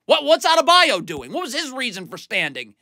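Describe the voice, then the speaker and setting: A man's voice: very high-pitched, huge pitch swings, fairly quick, sharp tone, no echo. Exasperated man breaking down game film. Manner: exasperated, scolding, blunt. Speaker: basketball film analyst. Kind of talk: video breakdown commentary.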